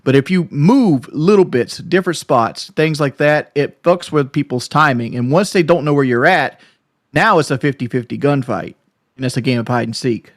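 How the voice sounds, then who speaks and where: A man's voice: mid-range voice, normal speed, no echo, clean studio sound. A man guest casually explaining how he played a match, with lots of fillers. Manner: relaxed, explanatory, filler-heavy. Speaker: gamer guest. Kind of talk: casual chat.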